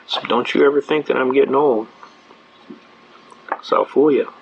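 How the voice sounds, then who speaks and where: A man's voice: mid-range voice, fairly even intonation, normal speed, gravelly, a little hiss or hum. An older man lecturing on the constitution, mixing plain-spoken personal stories with emphatic legal points. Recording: dull lo-fi recording.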